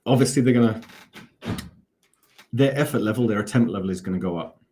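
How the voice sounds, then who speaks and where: A man's voice: lowish voice, a little fast, dark tone, husky. A man hosting a live fan watch-along, talking in a chatty, rambling, self-mocking way. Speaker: fan channel host.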